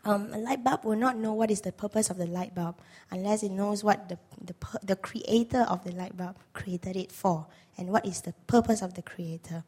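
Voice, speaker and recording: A hoarse woman from Malaysia gives an earnest sermon in a church. Her voice is worn down and husky, and she keeps asking the congregation questions. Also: mid-range voice, normal speed, a little mellow. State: hoarse, lost voice. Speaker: guest preacher.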